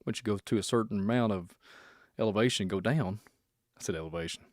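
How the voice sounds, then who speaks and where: A man's voice: lowish voice, fast talker, no room sound, clean studio sound. A man from Kentucky with a Kentucky accent, hosting a casual livestream podcast in a rambling, speculative, joking way. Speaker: podcast host.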